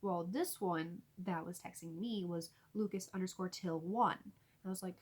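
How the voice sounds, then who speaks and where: A young woman vlogger telling a storytime story in an animated way, often laughing as she talks. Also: fairly low pitch, moderate pace, husky. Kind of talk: storytime vlog.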